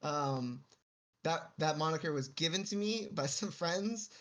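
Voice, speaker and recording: A man's voice: a little high, animated, fairly bright tone. Joking, boastful man on a podcast. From Texas. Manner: boastful and joking, then detailed and deliberate. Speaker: esports tournament organizer. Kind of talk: casual podcast chat.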